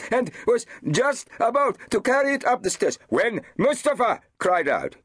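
A man plays a keen, self-important constable who cannot keep quiet, rushing to put himself at the centre of events. The voice is pitched high and jumps around eagerly. Dry, close audiobook read. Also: very animated, husky, no echo, exaggerated voice. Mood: excited. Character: eager, boastful male constable. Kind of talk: audiobook character voice.

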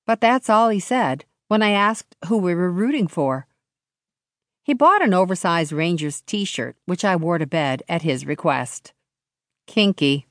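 A woman narrating a novel in the first person, with a measured, expressive storytelling delivery into a close studio mic. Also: on the low side, no room sound. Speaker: audiobook narrator.

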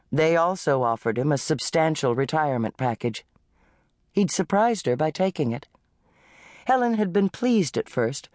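A woman narrating an audiobook in a measured, expressive storytelling manner on a close studio mic. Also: sits low, dry recording.

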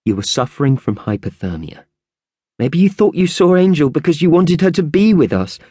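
A man voicing a reserved mother who speaks in careful, measured words. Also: on the high side, sing-song, warm tone, slightly rough, dry recording, pitched above the performer's own voice. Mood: guarded. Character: guarded mother, calm and reserved.

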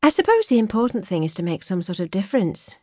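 A young woman with a soft Yorkshire accent, earnest and quick to mock, as a woman narrator puts her on. She sits well above the narrator's own pitch, idealistic and sharp-tongued. The audiobook recording is close and dry. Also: very animated, no room sound. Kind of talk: audiobook character voice.

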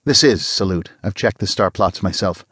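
A man's voice: deep voice, lively intonation, moderate pace, slightly rough, no room sound, studio quality, full character voice. A man doing a cocky, smiling spacer. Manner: bright, challenging.

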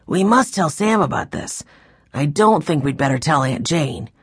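Brief: narrator doing a calm, dependable teen boy in a kids' audiobook. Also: sits low, normal speed, slightly rough, dry recording, studio quality, exaggerated voice. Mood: steady.

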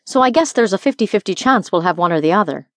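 A woman's voice: mid-range voice, expressive, fast talker, no room sound, clean studio sound, natural voice. A woman voicing a flirty Scottish dragon-shifter bounty hunter in an audiobook, teasing and affectionate, with a Scottish accent. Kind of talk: audiobook character voice.

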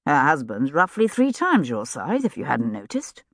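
A woman's voice: extremely low pitch, huge pitch swings, moderate pace, dry recording, clean studio sound, pitched below the performer's own voice, full character voice. A woman voicing a courteous young male army officer with a grave, wry manner.

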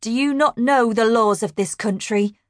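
A woman's voice: on the high side, normal speed, dry recording, studio quality, voice pushed up, lightly acted. A woman narrator voicing a bearded male slave master who speaks gutturally, resentful and curt. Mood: defiant.

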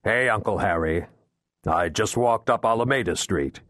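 A man's voice: fairly low pitch, normal speed, a bit bright, no room sound, studio quality, lightly acted. A man narrating an audiobook voices a Russian-born hitman speaking with a convincing American accent, keeping a casual cover over his anger. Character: male Russian hitman, tense, faking calm.

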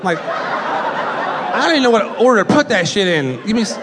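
Young male stand-up comic, high voice, rambling and profane, live club recording with a rowdy crowd behind him. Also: sing-song, moderate pace, noisy background. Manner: rambling, profane, laughing at his own jokes. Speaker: stand-up comedian. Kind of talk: stand-up comedy set. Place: comedy club stage. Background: audience laughter and chatter.

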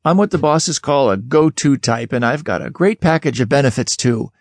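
This first-person audiobook narration comes from a man recorded up close in a studio booth, with no echo. His delivery is expressive at a moderate pace, and his voice lifts steeply on questions.

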